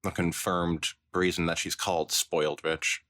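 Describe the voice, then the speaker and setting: A man's voice: low-pitched, little pitch movement, normal speed, bright, forceful tone. A male podcast co-host in casual chat, musing and rambling with restarts.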